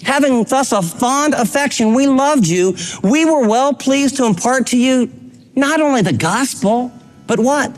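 A man with a notably high voice delivers a sermon from the pulpit. He reads scripture and urges his listeners on with emphatic, fatherly exhortation. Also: lively intonation, measured pace. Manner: preaching with urgent emphasis. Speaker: pastor.

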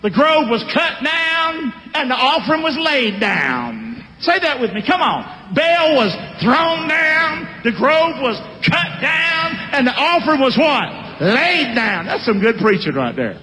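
A man's voice: very high voice, slow pace, few pauses, slight background noise. A male pastor preaching a sermon, calling out to his congregation. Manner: animated, calls out to congregation. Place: church hall. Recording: echoey hall.

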